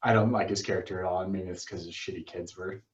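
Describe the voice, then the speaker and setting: A man hosting a casual film review podcast, talking in a chatty, quick way full of fillers. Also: low-pitched, steady tone, echoey room, muffled recording. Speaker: podcast host.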